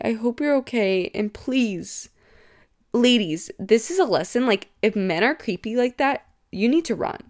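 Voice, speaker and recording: A young woman hosting a casual podcast, talking in a gossipy, reactive way with lots of "like" filler. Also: mid-range voice. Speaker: podcast host.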